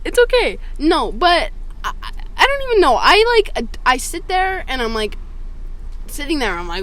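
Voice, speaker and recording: A young woman telling a story on a casual podcast, animated and swearing a lot, recorded inside a car. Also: high-pitched, moderate pace.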